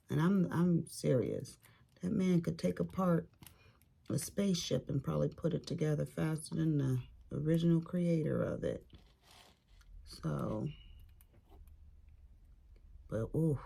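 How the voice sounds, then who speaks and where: A woman's voice: deep voice, gravelly, mellow, husky. An older woman from California chatting casually as she works on a craft, telling family stories in a loose, informal way. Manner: chatty storyteller, informal grammar. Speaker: crafting vlogger. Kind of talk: casual chat while crafting.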